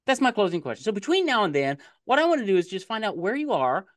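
A middle-aged man hosting a sales podcast interview in a casual, excitable way, often repeating words as he gets going. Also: sits high, quick pace, no room sound, clean studio sound. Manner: animated, laughs easily, repeats words when excited. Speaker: podcast host.

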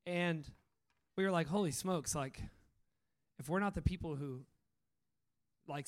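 A young male speaker with a noticeably high voice delivers a loose, conversational sermon. He tells stories with excitement and breaks into easy laughs. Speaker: speaker at a training school. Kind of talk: informal sermon talk.

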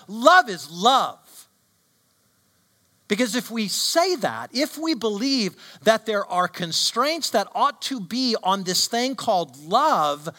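A man's voice: high voice, bright, forceful tone. A man preaching a sermon with emphatic delivery and frequent rhetorical questions. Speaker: pastor.

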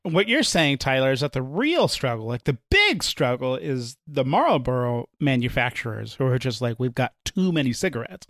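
A man's voice: mid-range voice, sing-song, moderate pace, hardly any pauses, a bit bright, no room sound. A man on a movie podcast, teasing in a dry way. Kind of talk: casual movie podcast chat.

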